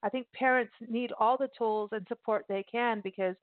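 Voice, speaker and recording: A woman hosting a casual interview, lively and chatty. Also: fairly high pitch, moderate pace, no room sound. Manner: lively, chatty, laughs and puts on voices. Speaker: host. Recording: phone-like remote call audio.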